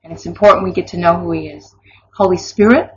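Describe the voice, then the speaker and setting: A woman's voice: fairly low pitch, quick pace. A woman giving an informal Christian devotional teaching, earnest and conversational, with laughing asides. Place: online or broadcast session. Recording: dull lo-fi recording.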